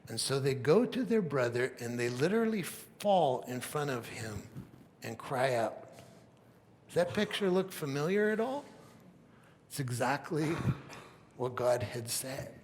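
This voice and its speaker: A male pastor preaching a sermon, retelling a story in a relaxed, conversational manner. His voice sits at a middle pitch. The sound carries a long church reverb over a faint low rumble. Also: unhurried, long pauses. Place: church sanctuary.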